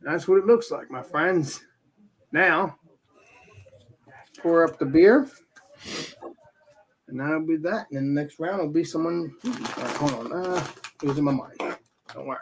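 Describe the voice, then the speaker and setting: Man, host, easygoing chat, somewhat high voice, faint noise behind. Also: unhurried, long pauses, low-quality recording. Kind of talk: casual live-stream chat.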